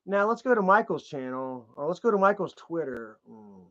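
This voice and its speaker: A man's voice: high voice, sing-song, normal speed, fairly bright tone. A man giving profane, heated commentary to his viewers, ranting as he browses online pages. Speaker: commentary vlogger. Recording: dull lo-fi sound.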